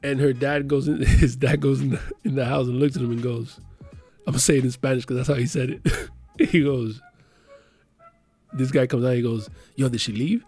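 A man's voice: mid-range voice, normal speed, slightly rough, soft background music. A man in his thirties from the Miami area, telling a profane story in casual chat and acting out the voices of the people in it. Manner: profane, animated storyteller who acts out quotes.

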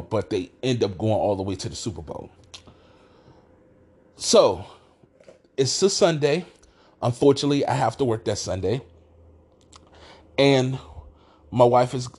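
A man hosting a podcast, telling a story in a rambling, casual way and restarting his sentences often. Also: lowish voice. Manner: rambling, restarts sentences, animated when retelling. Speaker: podcast host.

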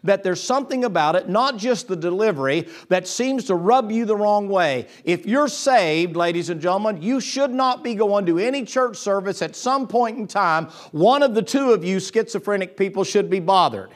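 A pastor preaching from his pulpit in a high-pitched voice. He drops into low, confiding tones and then bursts out loud and excited, often stumbling and restarting his sentences. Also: moderate pace, hardly any pauses. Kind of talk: sermon.

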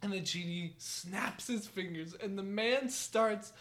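A man's voice: high-pitched, slow pace, fairly bright tone. Giggly rambling podcast co-host man. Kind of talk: casual chat.

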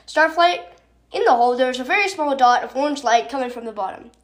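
A woman's voice: high voice, animated, quick pace. A woman hosting a podcast, chatting casually and reading her own story aloud with fillers and self-corrections.

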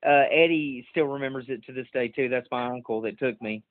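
A man's voice: mid-range voice, a little fast, no room sound. A man hosting a podcast, telling stories in a casual chat and laughing often. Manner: laughing, animated storytelling. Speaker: podcast host. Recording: tinny phone-like sound.

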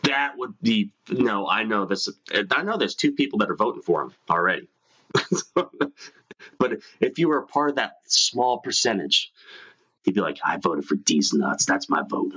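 A man's voice: on the low side, lively intonation, normal speed, bright, forceful tone. A man from New York hosting a casual chat show, swearing freely and laughing often. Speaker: podcast host.

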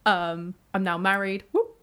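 A woman's voice: medium pitch, big pitch swings, a little slow, fairly bright tone, smooth. A woman in her twenties from the Isle of Wight, a podcast guest in casual chat, bashful and giggly. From Isle of Wight, England. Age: 20s. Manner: bashful, giggly, self-deprecating.

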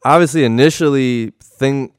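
A man's voice: mid-range voice, normal speed, smooth, no room sound, clean studio sound. A man telling a long story in casual chat with lots of slang and fillers. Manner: laid-back, slangy, many fillers. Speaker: video director.

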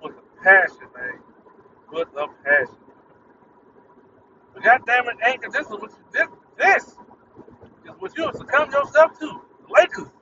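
A man's voice: very high-pitched, wildly swooping pitch, normal speed, pauses often, far from the mic, muffled recording, background noise. A man hosting his own podcast, ranting in a rambling, irritated, profane way. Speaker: podcast host. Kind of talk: casual solo rant.

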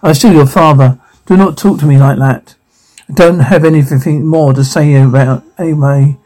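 A man voicing a stern middle-aged father who is a psychiatrist, in halting, restarting phrases. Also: a little high, fairly even intonation, darkish tone, natural voice.

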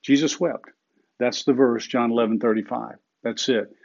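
A middle-aged man preaching a sermon in an earnest way, slowing down and repeating phrases for emphasis. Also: mid-range voice, fairly even intonation, gravelly, darkish tone, highs cut off. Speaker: pastor.

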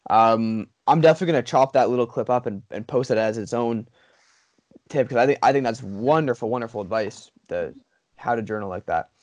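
A man's voice: mid-range voice, a little fast, darkish tone, no room sound. A man hosting a podcast, asking questions in an enthusiastic, rambling way full of fillers. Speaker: podcast host. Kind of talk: podcast interview.

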